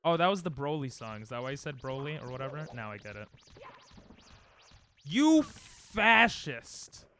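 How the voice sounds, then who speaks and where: A man's voice: medium pitch, quick pace, few pauses, a bit bright, a little hiss or hum. A young man streaming a game live at home into a desk mic, joking crudely and sarcastically with chat and snapping at the game in frustrated outbursts.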